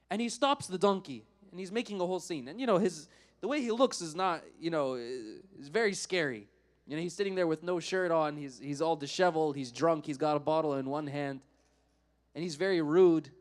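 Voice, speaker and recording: A man giving a Friday sermon, telling a story in an animated way and acting out the characters. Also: high voice.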